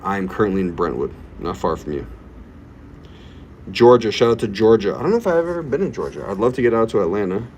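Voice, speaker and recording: A young man chats through his livestream in a low voice, greeting viewers and joking around. Faint background noise sits under the talk. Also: very animated, fast, darkish tone, rough recording. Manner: playful, reads chat aloud, hypes himself up. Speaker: livestream host. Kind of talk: casual livestream chat. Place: current location he names while streaming.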